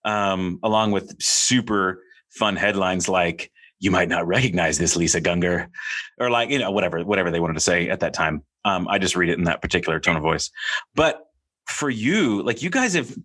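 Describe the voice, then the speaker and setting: A man's voice: low-pitched, animated, normal speed, fairly bright tone. A man hosting a podcast, asking curious, rambling questions with frequent restarts. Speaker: podcast host. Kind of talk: conversational interview.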